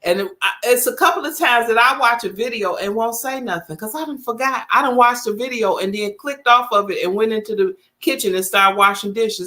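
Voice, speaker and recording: Chatty bright-voiced woman on a livestream. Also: fairly high pitch, brisk, few pauses. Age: 50s. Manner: chatty, talks straight to viewers. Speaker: livestream host. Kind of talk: casual livestream chat.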